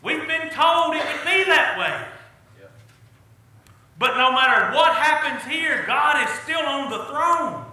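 A man's voice: very high voice, expressive, slow, sharp tone. A middle-aged man preaching a sermon in a folksy, earnest way, his emphasis rising as he drives home each point. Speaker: pastor. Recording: echoey church hall.

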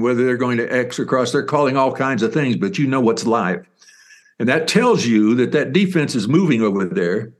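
An older man spinning long football stories in an interview. He rambles and gets carried away with excitement, his voice sitting at a middling pitch. He talks like a former player who lived every snap. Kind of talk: interview storytelling.

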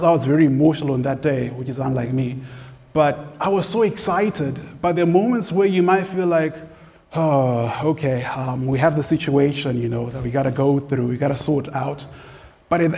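A man delivers a sermon in a chatty, storytelling way, slipping into the voices of the people he describes. His voice sits a little high, and it rings out in a big room with a long echo. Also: a little mellow. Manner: conversational, acts out quoted voices, repeats words. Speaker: preacher.

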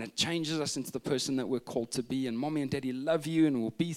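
A man, preaching a sermon with humorous stories and hushed retellings. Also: mid-range voice, quick pace, few pauses. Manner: humorous storytelling, shifting from loud asides to hushed retelling. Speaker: pastor.

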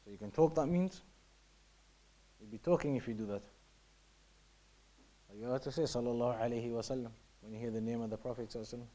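A man's voice: mid-range voice, fast, pauses often, dark tone. A man teaching a religious lesson, reading passages and explaining them in English. He repeats his points often and sometimes drops to a near-whisper to show how something is said. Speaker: teacher of Islamic law.

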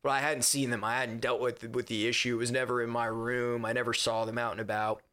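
A man's voice: medium pitch, flat delivery, quick pace, pushed and bright. A man with an ordinary mid-range voice tells a story on a podcast. He rambles along loosely and curses casually. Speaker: podcast co-host.

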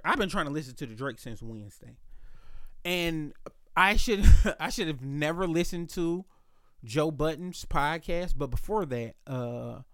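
Profane, animated male podcast storyteller. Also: mid-range voice, clean tone, no room sound. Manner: profane, animated storyteller acting out both sides. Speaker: podcast host. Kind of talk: casual storytelling chat.

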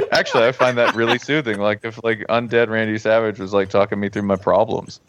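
A man's voice: fairly even intonation, fast, few pauses, a bit bright. A man co-hosting a podcast, chatting casually and animatedly, often slipping into exaggerated accent impressions. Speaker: podcast co-host. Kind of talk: casual comedic chat. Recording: dry, dull low-fidelity podcast audio.

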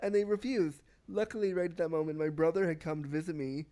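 A man as a podcast guest, telling a story in casual conversation, animated and often repeating and restarting words. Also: a little high, quick pace. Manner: animated, acts out quoted exchanges.

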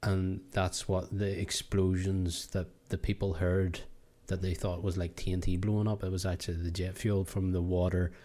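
Very low-voiced podcast host, rambling and casual. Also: male voice, level tone, normal speed, hardly any pauses, warm tone. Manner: rambling, hesitant, laughs often. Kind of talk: casual chat.

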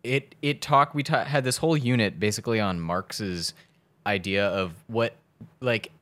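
A man's voice: fairly low pitch, normal speed, fairly bright tone. A young man in casual podcast chat, rambling and swearing freely as he talks through an idea.

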